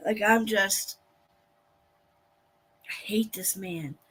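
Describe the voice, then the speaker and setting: Woman, livestream host, casual reaction chat, slow-paced, mid-pitched, blunt, swears a lot, indignant. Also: background noise. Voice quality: blunt and profane, with frequent swearing. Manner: indignant, venting to her chat.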